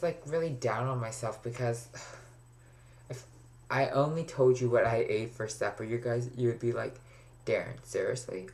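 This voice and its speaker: A man's voice: mid-range voice, vocal fry. A young man talking casually to camera in a rambling video diary, now and then dropping to a near whisper. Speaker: vlogger.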